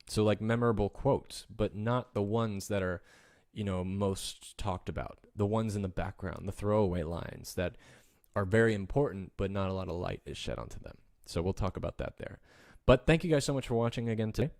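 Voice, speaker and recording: Chatty, low-voiced male podcast host. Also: a little mellow, no echo, studio quality. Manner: chatty and enthusiastic, with fillers and restarts. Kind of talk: casual live-stream podcast chat.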